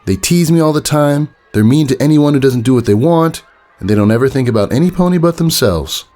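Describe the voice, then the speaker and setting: A man voicing an anxious, prickly young filly pony in a fan audiobook, pushing his voice high and squeaky with a defensive edge. His voice carries a roomy reverb. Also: expressive, a little fast, darkish tone, faint music behind, lightly acted. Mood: annoyed.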